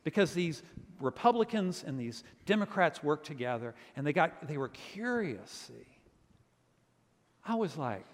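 A man from Virginia, a pastor preaching a sermon and telling stories with lively quoted voices. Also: on the high side, measured pace, big-room sound, slight background noise.

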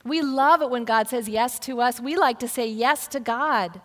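An older woman pastor preaches a sermon in a fairly high voice at a normal speed, telling a personal story. She often repeats words as she restarts, and the recording carries the long reverb of a hall.

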